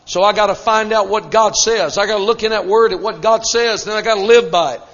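A Pentecostal preacher with a very high, ringing voice delivers his sermon fervently and leans on repeated phrases. His words echo through a large hall. The recording sounds muffled and dull. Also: steady tone, a little fast, fairly bright tone.

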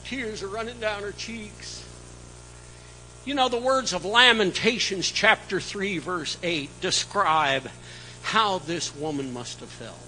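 Slow, bright-voiced male preacher. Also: high-pitched, slight background noise, low-quality recording. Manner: slow, emphatic preaching with dramatic swings in loudness. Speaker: pastor. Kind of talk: sermon.

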